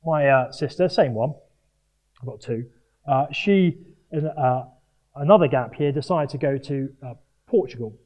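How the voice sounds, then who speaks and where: A middle-aged man from Jersey giving a sermon at a Christian sports event, earnest and animated with self-mocking humour. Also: medium pitch, moderate pace, pauses often. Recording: dull lo-fi live talk recording.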